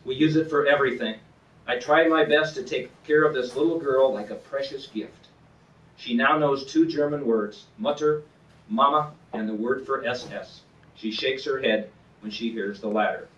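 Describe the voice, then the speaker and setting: A man reading a passage from his book aloud in an earnest, measured way, with a few small slips. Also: medium pitch, a bit bright. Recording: roomy, distant, dull lo-fi sound.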